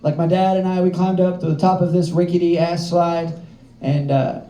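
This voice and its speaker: A man's voice: sits high, little pitch movement, moderate pace, mellow. A young man from the American South doing a stand-up comedy set with a loose, rambling delivery full of filler words. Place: comedy club stage with live audience. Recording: roomy club with audience laughter.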